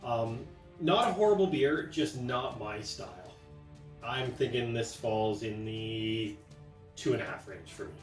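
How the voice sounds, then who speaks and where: A man's voice: medium pitch, animated, unhurried, soft background music. Co-host guy, chill and plain, sounds far from the mic in an echoey room. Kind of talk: casual chat.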